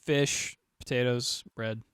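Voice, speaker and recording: Relaxed man with dry close sound. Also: medium pitch, clear, resonant tone, no echo. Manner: relaxed, halting with fillers and soft trailing lines. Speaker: traveler sharing trip photos. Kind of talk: casual chat.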